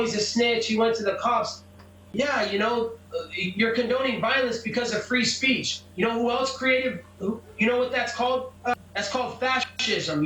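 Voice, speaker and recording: A brash, combative man with a high, bright voice recounts events in an interview, cursing freely. The sound is echoey, and he is heard from some distance off the mic. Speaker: MMA fighter. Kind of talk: interview, telling a story.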